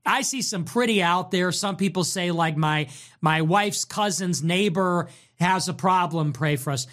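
A man hosting a livestream, reacting to chat messages in a sarcastic, mocking way with quick swings in tone. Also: high-pitched, a bit bright. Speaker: livestream host.

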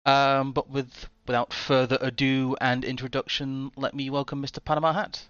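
A man's voice: mid-range voice, little pitch movement, normal speed, a bit bright, clean tone, no room sound, dull audio. A man hosting an interview, chatty and a bit rambling, with frequent restarts as he covers event details. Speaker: host.

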